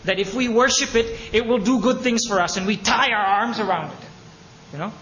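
A man preaching a sermon as pastor of his church, impassioned, with sudden loud peaks and hushed drops. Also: high voice, a little fast, a little hiss or hum. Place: church sanctuary. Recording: long hall reverb, faint ambience.

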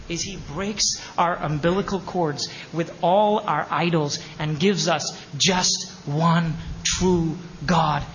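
A man preaching a sermon as pastor of his church, impassioned, with sudden loud peaks and hushed drops. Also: fairly high pitch, slight background noise. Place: church sanctuary. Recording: long hall reverb, faint ambience.

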